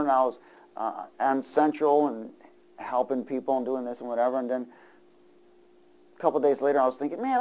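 Middle-aged male preacher, slightly high voice; big volume swings from fervent to hushed. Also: low-quality recording. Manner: swings from loud preaching to hushed, near-whispered lines. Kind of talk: sermon.

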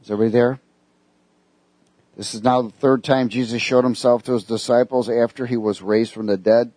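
A male preacher in a casual, conversational sermon, moving between scripture reading and questions to his listeners. His voice sits at a middle pitch. The recording is dry, with no room echo. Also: steady tone, fairly quick, mellow.

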